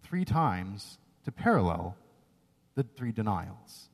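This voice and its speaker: A man's voice: lowish voice, sing-song, takes it slowly. A man preaching a sermon, earnest and emphatic, often checking in with "right?". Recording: long reverb of a large hall.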